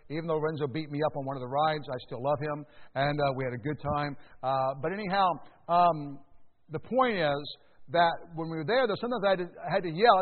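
A man with a somewhat high voice preaches with animated emphasis, mixing conversational asides with bursts of shouting. The sound is thin and phone-like, with a long reverb trailing off the walls of a large hall. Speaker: pastor. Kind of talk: sermon. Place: church sanctuary.

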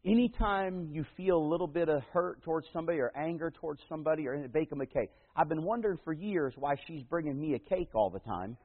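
A man preaching a sermon as pastor, telling a personal story in a folksy way, moving between loud emphatic passages and hushed slow ones. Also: on the high side. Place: church. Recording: tinny phone-like radio broadcast in a big reverberant hall.

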